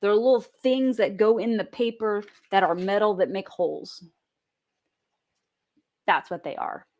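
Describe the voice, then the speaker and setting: A woman vlogging at home, telling a story in an animated, chatty way and swearing freely. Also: mid-range voice, a little slow. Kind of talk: casual storytelling vlog.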